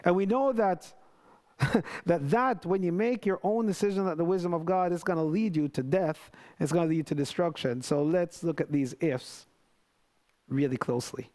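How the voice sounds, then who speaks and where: Earnest, conversational male preacher, fairly high voice. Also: moderate pace. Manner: conversational, earnest, with many restarts and animated quoted prayers. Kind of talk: sermon.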